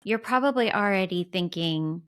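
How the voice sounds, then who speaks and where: A woman hosting a podcast, asking open questions in a gentle, affirming manner. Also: mid-range voice, lively intonation, normal speed. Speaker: podcast host. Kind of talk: interviewing.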